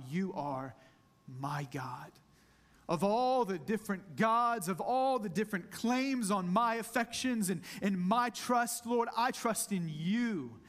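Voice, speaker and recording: Male pastor, higher-pitched, intimate earnest sermon delivery. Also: a bit bright. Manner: earnest, intimate preaching, drawn-out emphasis on scripture; addresses the congregation directly as "church".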